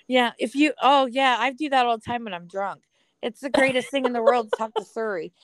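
A woman from the American Midwest co-hosting a podcast, animated and acting out little quotes as she talks. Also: on the high side, fairly quick, no echo. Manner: animated storyteller, acts out quotes. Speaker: podcast co-host. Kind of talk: casual chat.

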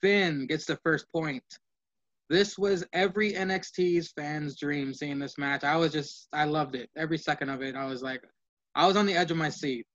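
Man, fairly high voice, rapid play-by-play recap, casual swearing, dull lo-fi sound. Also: fairly bright tone. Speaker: podcast co-host. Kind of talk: casual wrestling recap from notes.

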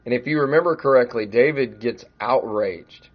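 A man's voice: mid-range voice, moderate pace, lo-fi sound. A middle-aged man preaching a sermon in a conversational way, growing emphatic as he retells a story. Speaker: pastor.

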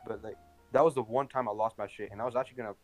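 Guy talking super fast over a call, swearing a lot, faint music behind. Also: on the low side, fairly even intonation, a little mellow. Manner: fast, heated storytelling with swearing. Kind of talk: casual chat over a call. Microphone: online call.

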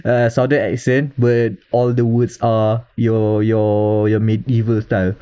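Mellow-voiced Malaysian man chatting. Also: on the low side, little pitch movement, measured pace, few pauses, clean tone, highs cut off. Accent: Malaysian English. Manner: rambling, with restarts and chuckles. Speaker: podcast co-host. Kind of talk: casual panel chat.

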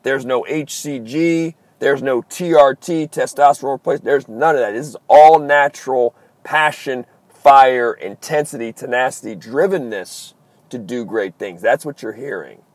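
A man's voice: medium pitch, normal speed, dry recording. A man from Maryland with an East Coast American accent, hosting a motivational podcast with intense, driven delivery and emphatic repetition, recording from a car in traffic. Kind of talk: motivational monologue.

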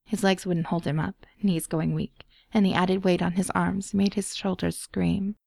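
A woman narrating a story in a measured way, her low voice carrying a gravelly texture. The tone is dark and mellow. The recording is dry and close. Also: flat delivery, dry recording. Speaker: podfic reader. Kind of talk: dramatic audiobook narration.

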